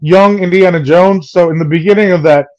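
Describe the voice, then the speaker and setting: A man's voice: high voice, fairly quick, darkish tone, dry recording, highs cut off. A man co-hosting a podcast, cutting in with dry, teasing jokes. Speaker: podcast co-host. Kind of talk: casual movie review chat.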